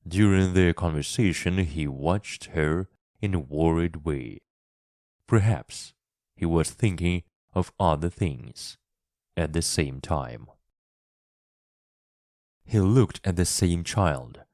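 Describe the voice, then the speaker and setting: Low slow storyteller guy, reads to english learners, expressive, dry close sound. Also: dry recording.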